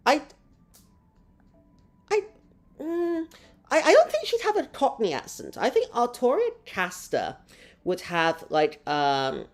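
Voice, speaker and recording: Lively woman streaming a game. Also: mid-range voice. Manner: chatty, rambling and self-mocking, with quick laughs. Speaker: gaming streamer. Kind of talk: live gameplay stream, reading chat.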